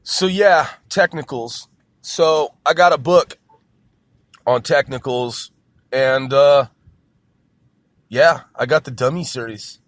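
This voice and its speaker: A man's voice: medium pitch, slow, long pauses, no room sound. A man hosting a rambling solo talk from a car, loose and profane, laughing at himself. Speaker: podcast host.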